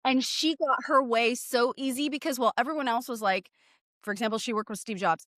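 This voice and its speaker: A woman in her forties co-hosting an interview, playful and animated as she tells stories. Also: on the high side, brisk, no room sound, studio quality. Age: 40s. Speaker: podcast co-host. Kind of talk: casual interview chat.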